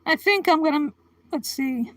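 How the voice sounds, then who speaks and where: A woman's voice: high-pitched, expressive, normal speed, no echo, poor audio. A woman hosting a casual livestream, chatting with viewers by name and giggling often. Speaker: livestream host. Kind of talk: casual live-stream chat.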